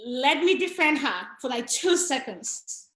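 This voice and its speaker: Woman, high voice, bright, animated casual chat, echoey room. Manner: animated, quick, repeats words when excited. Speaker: reality TV recap panelist.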